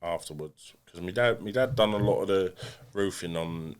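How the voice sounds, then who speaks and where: A man's voice: deep voice, normal speed, smooth. An English man, a boxer and podcast guest, talking bluntly and self-deprecatingly with many restarts. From England. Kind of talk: casual podcast interview.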